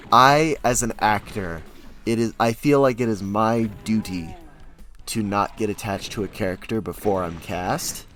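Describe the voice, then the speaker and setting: A young man chatting casually to his stream audience, rambling with sudden loud, animated bursts. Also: lowish voice. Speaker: streamer and hobby actor. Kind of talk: casual chat to a live stream.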